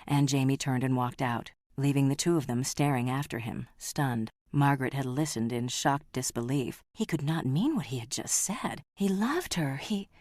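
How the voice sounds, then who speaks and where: Audiobook narrator: woman, very deep, dry, dramatic and measured. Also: a little mellow, no echo.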